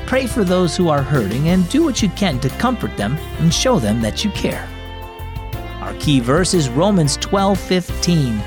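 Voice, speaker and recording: A man's voice: on the high side, very animated, unhurried, over music. A man hosting and narrating a children's devotional program with scripted storytelling in an upbeat, emphatic way. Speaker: host.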